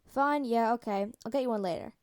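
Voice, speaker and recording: A woman voicing a wry, fatherly middle-aged man who talks in a teasing yet gentle way, in a fan audiobook reading. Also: a little high, brisk, no room sound, studio quality, close to an everyday voice. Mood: soothing.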